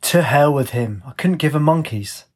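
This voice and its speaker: A man with a husky voice playing a stubborn, carefree young man in an audiobook. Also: fairly high pitch, lively intonation, moderate pace. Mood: dismissive. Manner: flippant, dismissive. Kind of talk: audiobook character voice.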